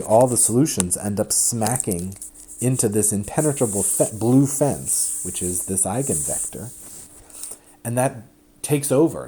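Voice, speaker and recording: A man giving a recorded math lecture at a board, chatty and animated, often breaking off and restarting his sentences. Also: fairly low pitch, husky. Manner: chatty, self-interrupting, animated explanations.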